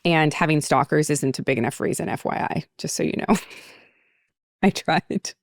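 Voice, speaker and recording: A woman's voice: sits low, normal speed, gravelly, dry recording, studio quality. A woman hosting a podcast, telling a rambling story in casual chat with many fillers and restarts. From United States. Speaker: podcast host.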